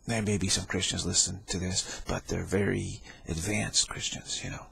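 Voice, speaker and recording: A man's voice: sits low, little pitch movement, moderate pace, vocal fry, hardly any pauses, fairly bright tone, husky. A man giving a rambling spiritual talk, laughing often and acting out the people he quotes. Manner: laughing, repetitive, acts out quoted voices. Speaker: spiritual teacher.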